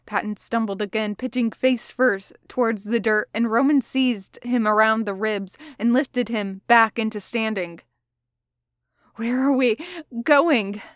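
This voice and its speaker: A woman reading fan fiction aloud as audiobook narration, steady and picking up pace in tense passages. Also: a little high, unhurried, few pauses, dry recording, studio quality. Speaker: podfic reader.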